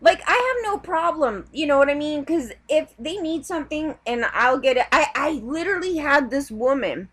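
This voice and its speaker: A woman's voice: high-pitched, lively intonation, normal speed, hardly any pauses. A woman vlogger ranting in a heated, rambling way, swearing often. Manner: heated, profane, rambling rant. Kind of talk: ranting vlog.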